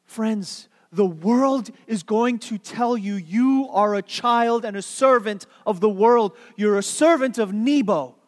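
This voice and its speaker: A man's voice: sits high, slow, few pauses, in a large hall. A man preaching a sermon, telling a story with playful questions to the congregation and repeating key words for emphasis. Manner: playful, asks the audience questions. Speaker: pastor.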